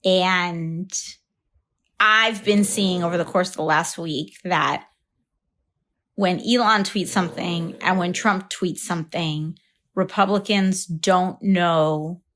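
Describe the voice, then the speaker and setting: A woman making a political statement, slow and deliberate in her delivery. Her pitch sits on the lower side for a woman. She measures each phrase. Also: steady tone, fairly bright tone.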